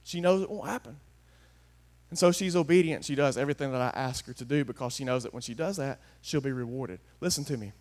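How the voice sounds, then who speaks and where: A man preaching a folksy sermon, swinging from hushed asides to loud, emphatic declarations. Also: mid-range voice, quick pace. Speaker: pastor.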